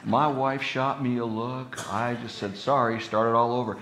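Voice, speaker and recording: A man's voice: mid-range voice, measured pace. Earnest male pastor in an echoey church. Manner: earnest, conversational, with animated rising emphasis. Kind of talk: sermon. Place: church sanctuary.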